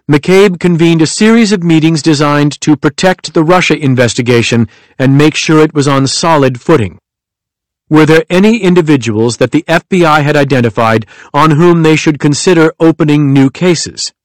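A male audiobook narrator reads nonfiction in a measured, even manner. His voice sits a little high for a man, and the recording is dry and close, with no room sound. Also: no echo.

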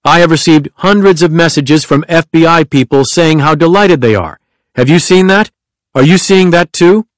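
Man reading brusque older male president, blunt, demanding, repetitive, fairly high voice, dry sound. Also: normal speed, dry recording, lightly acted. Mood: indignant.

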